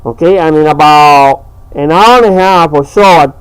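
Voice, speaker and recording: A man's voice: a little high, moderate pace, smooth, poor audio. A man talking in a rambling, hesitant way, full of fillers, in a casual home vlog. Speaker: home video maker.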